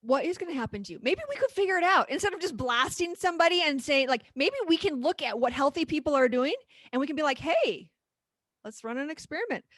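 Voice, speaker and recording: High-voiced, emphatic podcast co-host woman. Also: quick pace, dry recording, clean studio sound. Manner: animated, emphatic, laughs. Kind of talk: casual chat.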